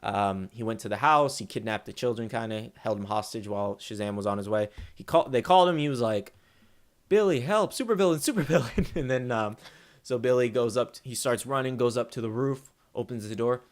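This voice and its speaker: A young man talks through a film he just saw in a loose, rambling way, full of ums and restarts. His voice sits at an ordinary middle pitch, and he gets excitable and hyped when he reaches the parts he loved. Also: a little fast, clear, resonant tone. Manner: excitable, rambling, many fillers. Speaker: movie reviewer. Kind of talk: casual spoiler movie review.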